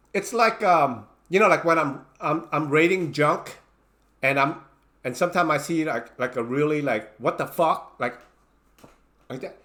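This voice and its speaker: A man recounts a chaotic party in a loose, animated storytelling manner, his voice rising and falling widely. He talks slowly in a bright, fairly high tone and breaks off often to restart or add fillers. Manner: animated, acts out his own panicked lines; many fillers and restarts, non-native grammar. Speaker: channel host telling a story. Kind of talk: casual storytelling.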